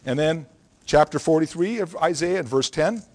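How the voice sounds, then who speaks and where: Guy giving a bible teaching, emphatic, keeps asking okay?, voice a bit on the high side. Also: normal speed, darkish tone. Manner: emphatic, explanatory, checks in with "okay?". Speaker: preacher.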